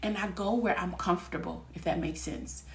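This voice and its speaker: A woman's voice: fairly low pitch, normal speed, recorded from a distance. Candid tarot-reading woman in an echoey room. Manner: candid, lively, laughs often, streetwise slang. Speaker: tarot reader. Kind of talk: live tarot reading stream. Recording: echoey room, voice a bit off-mic.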